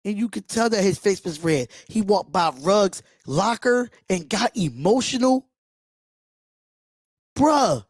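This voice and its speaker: A man with a high voice hosts a live fan reaction stream, speaking slowly yet animatedly, and he's impassioned, blunt and swears freely. The audio is studio quality with no room sound.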